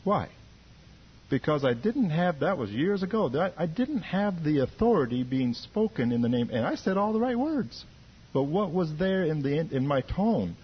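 Husky raspy guy, pitch jumps all over, earnest church talk, muffled recording. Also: normal speed. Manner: lively, earnest, repeats words while thinking. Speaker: church member. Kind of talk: testimony in group discussion.

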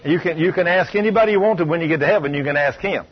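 A man's voice: on the high side, racing, hardly any pauses, breathy edge. A man preaching a sermon at a healing school, telling stories in a folksy, emphatic and insistent way. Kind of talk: sermon with retold anecdote. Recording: muffled lo-fi recording.

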